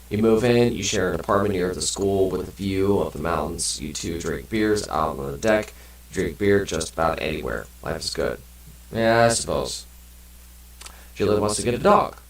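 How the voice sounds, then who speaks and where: A man's voice: lowish voice, reverberant, distant mic, poor audio. A man casually commenting on a game and reading its text aloud, rambling and swearing now and then. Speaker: let's play gamer.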